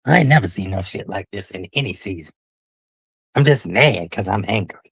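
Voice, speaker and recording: A man's voice: lowish voice, expressive, moderate pace, creaky, a bit bright, breathy edge, dry recording. A man hosting a casual livestream, talking in a sassy, drawling way and calling his listeners honey and child. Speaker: livestream host.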